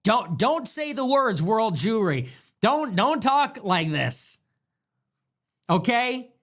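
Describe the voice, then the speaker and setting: Emphatic, high-voiced male commentator. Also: very animated, takes it slowly, a bit bright. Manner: emphatic, repetitive, commanding. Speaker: political livestream host. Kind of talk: monologue commentary.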